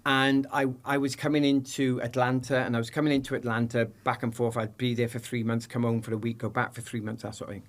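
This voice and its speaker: A middle-aged British man, a podcast guest, telling lively anecdotes in casual chat and acting out the people in them. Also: mid-range voice, quick pace, hardly any pauses.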